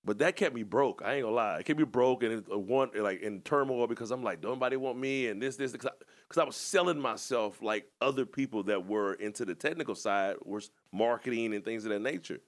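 Male podcast co-host, lower voice, loose informal storyteller. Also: a little fast. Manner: informal, rambling, reflective. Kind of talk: casual conversational storytelling.

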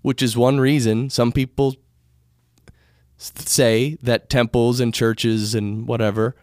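Speaking slowly in a mid-range, darkish voice with little pitch movement, a man from the United States hosts a podcast on spirituality. He rambles conversationally and corrects himself, and his studio microphone gives a clean sound with no room sound.

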